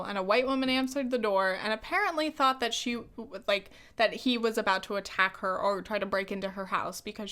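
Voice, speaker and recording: A young woman hosts a solo podcast, speaking in a middle-pitched voice. She talks earnestly and haltingly, sighing and restarting her sentences as she works through her thoughts. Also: sharp tone. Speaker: podcast host.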